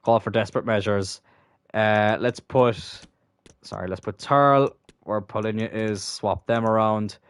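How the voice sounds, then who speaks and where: A young man commentating his own gameplay live, swearing constantly and swinging from exasperated outbursts to low muttering. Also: steady tone, measured pace, clean tone, no echo. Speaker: gaming channel host.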